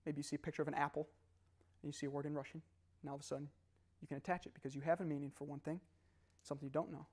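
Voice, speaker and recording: A young man leads a live motivational seminar with an animated, laughing delivery. His voice sits slightly higher than most men's. He keeps asking the audience questions as he talks. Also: racing. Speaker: motivational speaker.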